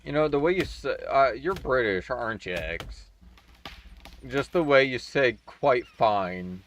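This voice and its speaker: A man's voice: mid-range voice, sing-song, unhurried, fairly bright tone, a little hiss or hum. A man streaming a game, chatting in a laid-back, offhand way and swearing casually. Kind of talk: casual chat while gaming.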